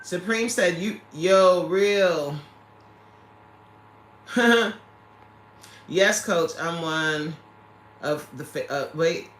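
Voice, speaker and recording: A woman's voice: fairly low pitch, very slow, pauses often, reverberant, background noise. A woman hosting a casual livestream who reads out viewer comments, laughing often and talking straight to her viewers. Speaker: livestream host reading chat.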